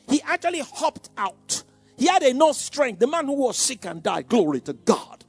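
A man preaches with a high, lively voice that leaps between near-whispers and shouts, drawing call-and-response from his listeners. The sound is dry and close, with faint music underneath. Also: husky, dry recording. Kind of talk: sermon.

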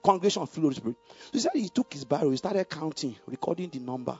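A man preaching a sermon, dropping to a murmur and rising to loud, emphatic calls, repeating key lines for the congregation to say back. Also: on the high side, lively intonation, fast talker, slightly rough. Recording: dull lo-fi recording with faint music.

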